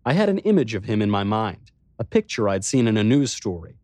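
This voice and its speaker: A man reading a novel aloud as a first-person narrator, telling the story in a measured, introspective way into a close microphone. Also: on the low side, big pitch swings, darkish tone, dry recording. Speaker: audiobook narrator.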